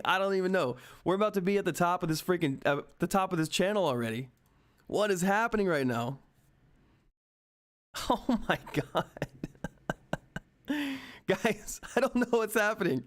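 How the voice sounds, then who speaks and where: A young man commentating live on a stock chart, excited and frantic, often repeating himself. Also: high-pitched. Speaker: stock market streamer.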